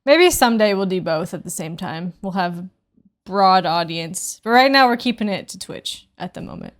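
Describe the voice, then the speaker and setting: A woman's voice: on the low side, lively intonation, normal speed. A woman with a Midwestern American accent co-hosting a podcast in chatty, casual talk. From Midwest United States. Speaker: podcast co-host. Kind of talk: casual chat.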